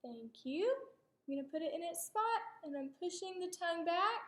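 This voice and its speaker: A woman's voice: very high-pitched, lively intonation, normal speed, fairly bright tone. A woman speech therapist giving patient, encouraging instructions in a clinical demonstration. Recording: roomy echo.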